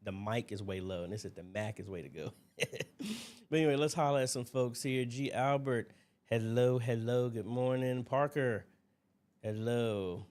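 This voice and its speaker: Man, livestream host, casual Q&A, chatty, rambling, desk mic, mid-pitched. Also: moderate pace, darkish tone. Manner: rambling, chatty, greets viewers by name. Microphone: desk mic at a computer.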